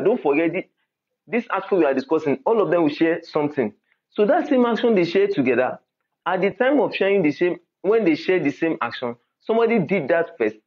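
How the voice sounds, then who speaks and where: A man teaching Arabic grammar in a class lecture, often checking understanding with "do you get?" and quizzing the class with "what?". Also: fairly high pitch. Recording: tinny phone-like audio.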